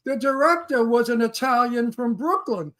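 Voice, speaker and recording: A woman guest tells a blunt, brash story in casual interview chat, cursing without hesitation. Her voice sits a little high. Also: moderate pace, fairly bright tone. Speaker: actor guest.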